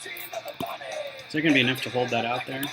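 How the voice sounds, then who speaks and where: Male streamer, mid-pitch, loose rambling chat to viewers, music under it. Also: normal speed, rough recording. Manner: rambling, chatty, talks to viewers while building. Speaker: Lego designer live-streaming. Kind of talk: casual live stream chat. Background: background music.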